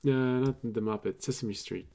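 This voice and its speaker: Brief: native French-speaking male streamer, dark, mellow tone, rambling and muttering to himself. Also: medium pitch, moderate pace, gravelly. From French-speaking Canada. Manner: rambling, mutters under his breath. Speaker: livestreamer building a map. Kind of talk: casual chat while working.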